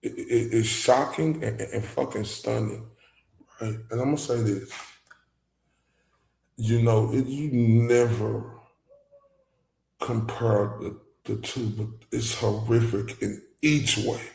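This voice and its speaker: Gravelly man ranting in an echoey room. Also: steady tone, takes it slowly, pauses often. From Dallas, Texas. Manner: emphatic, swings between loud outbursts and low muttering. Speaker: YouTube commentator. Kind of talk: casual reaction commentary.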